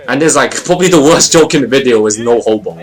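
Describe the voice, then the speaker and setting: A young man rambles casually through a video review of a friend's short film, quick and medium-pitched. He's expressive and uses lots of fillers.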